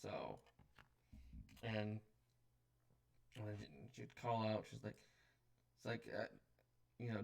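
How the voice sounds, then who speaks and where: A man running a tabletop game as game master, often pausing and filling gaps as he narrates. His voice is gravelly, and he sits a little away from the mic. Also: on the low side, darkish tone, far from the mic. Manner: hesitant, full of fillers.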